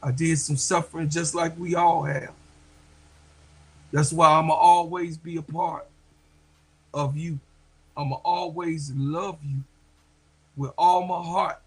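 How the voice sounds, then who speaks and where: A man hosting a livestream, speaking to his viewers slowly and from the heart, often repeating himself and getting emotional. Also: fairly high pitch, steady tone, slightly rough, rough recording. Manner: slow, heartfelt, repeats phrases. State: emotional, near tears. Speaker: livestream host.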